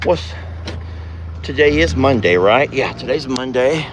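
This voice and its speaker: A man's voice: mid-range voice, lively intonation, a little slow, a little hiss or hum, poor audio. A man chatting folksily as host of a farm livestream, outdoors. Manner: folksy, chatty, calls loudly to his deaf dog. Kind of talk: casual livestream chat.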